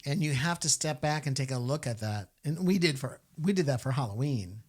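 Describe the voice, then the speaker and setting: A man's voice: medium pitch, expressive, a little fast. A man hosting a Catholic podcast, talking casually and asking rhetorical questions with frequent fillers. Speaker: podcast host.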